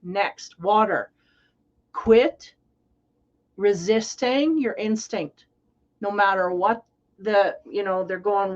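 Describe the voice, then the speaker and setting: Woman tarot reader, mid-pitched, chatty and meandering, muffled lo-fi sound. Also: takes it slowly. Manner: rambling, conversational, playful. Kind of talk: casual spiritual reading.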